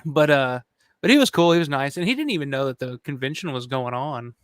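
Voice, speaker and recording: Smooth-voiced man telling a casual story. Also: medium pitch, animated, a little fast, dry recording. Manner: swears freely, laughs often, acts out quotes. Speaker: channel host.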